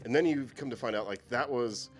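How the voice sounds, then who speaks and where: A man co-hosting a casual chat about horror movies, animated and swearing freely. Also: mid-range voice, brisk, faint music behind. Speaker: co-host.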